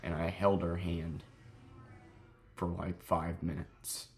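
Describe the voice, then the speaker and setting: A young man telling a sad story in a halting, grieving way, close to crying, in a confessional vlog. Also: low-pitched, little pitch movement, a little mellow, faint music behind. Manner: halting, heavy with grief, self-critical. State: near tears. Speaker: vlogger.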